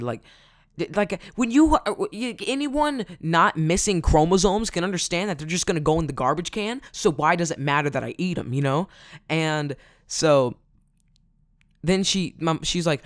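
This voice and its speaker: A man's voice: on the high side, lively intonation, normal speed, no echo, clean studio sound. A man telling a casual storytime in a rambling way, full of fillers. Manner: rambling, filler-heavy, "like" every few words. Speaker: vlogger.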